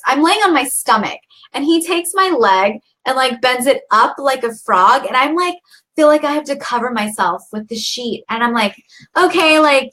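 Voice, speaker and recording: A woman's voice: fairly high pitch, a bit bright. A woman co-hosting a podcast, telling a story in casual chat, full of likes and you knows. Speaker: podcast co-host.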